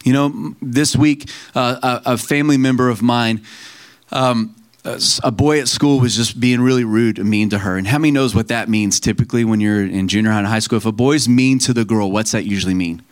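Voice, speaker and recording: A man's voice: medium pitch, brisk. A man preaching a sermon in a conversational, storytelling way, quoting scripture and family members and laughing at himself now and then.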